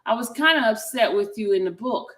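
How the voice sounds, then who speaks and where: A woman talks casually to her viewers, reading text messages aloud and adding her own asides between them. Her voice sits a little high, and the recording carries a roomy echo. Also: lively intonation, fairly quick, a bit bright. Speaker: vlogger.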